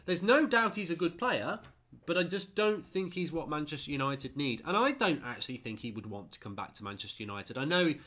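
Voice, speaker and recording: Blunt, opinionated man running a casual football chat stream, tired and chatty, middle-pitched voice. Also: fairly bright tone. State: tired, yawning. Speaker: football channel host reading viewer comments.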